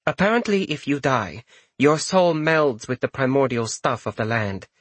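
A man's voice: mid-range voice, expressive, moderate pace, a bit bright, no room sound. A man voicing a composed, professionally detached woman, a mother, in a raised voice. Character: noblewoman, calm, professionally detached.

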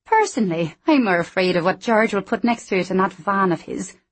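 A woman voicing a brisk, stern middle-aged housekeeper, speaking with raised, emphatic delivery in a storybook reading. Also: mid-range voice, lively intonation, close to an everyday voice. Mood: chatty.

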